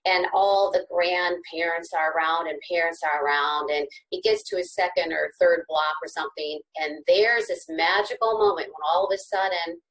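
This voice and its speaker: Animated woman guest with repeated restarts. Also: normal speed, few pauses, low-quality recording. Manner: animated, sweeping pitch rises when excited; frequent repeated word restarts. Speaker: podcast guest. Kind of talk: conversational interview.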